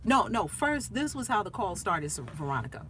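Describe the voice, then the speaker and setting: A woman hosting her channel as a minister, telling a family story in casual chat, animated and laughing, acting out the voices of the people in it. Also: medium pitch, moderate pace, a little hiss or hum.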